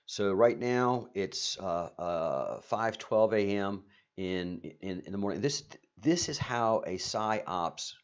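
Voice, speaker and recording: A man hosting a live stream in a casual monologue, rambling and halting with many fillers and restarts, breaking into sarcastic, excitable asides. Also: on the low side, dull audio.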